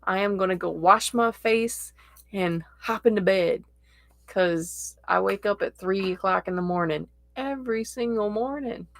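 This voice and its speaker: A woman hosting a casual tarot livestream, chatting in a slow, gently encouraging way and reading viewer comments aloud. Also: mid-range voice, no echo.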